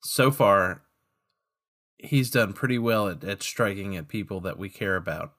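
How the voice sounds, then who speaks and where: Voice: deep voice, animated, measured pace, a bit bright. A player in a tabletop role-play who speaks in character, hesitant and earnest.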